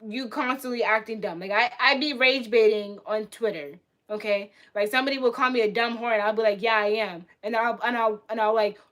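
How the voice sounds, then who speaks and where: A woman's voice: on the high side, fairly even intonation, brisk, few pauses, fairly bright tone, a little hiss or hum. Heated, profane young woman streamer. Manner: heated, profane, repeats herself. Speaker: livestreamer. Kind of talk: casual live-stream reaction rant.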